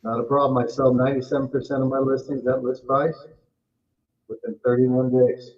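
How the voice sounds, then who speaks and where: A man from Massachusetts co-hosting a casual real estate chat, emphatic and quick to agree. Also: medium pitch, little pitch movement, highs cut off. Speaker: real estate agent, co-host.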